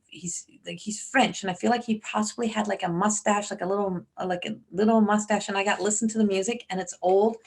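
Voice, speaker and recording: A psychic medium from Newfoundland, Canada, with a voice on the low side gives a rambling live-stream reading. She relays messages, often trailing off and starting again.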